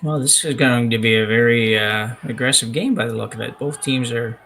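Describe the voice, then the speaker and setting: Chatty gravelly curling commentator man. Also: mid-range voice, brisk, a bit bright, poor audio. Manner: chatty, rambling, self-correcting. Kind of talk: live sports commentary, casual chat. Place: curling club, indoors.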